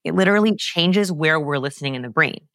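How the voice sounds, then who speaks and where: A woman guest on a podcast, explaining research with emphatic, animated storytelling and big pitch swings. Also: a little fast, no echo, clean studio sound. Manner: lively, emphatic, swings pitch high to act out examples.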